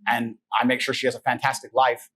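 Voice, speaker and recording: An interview guest from England, this man tells stories bluntly, casually and with profanity, acting out the people he quotes. His husky voice sits at medium pitch with a level tone, brisk delivery and a bright, forceful quality.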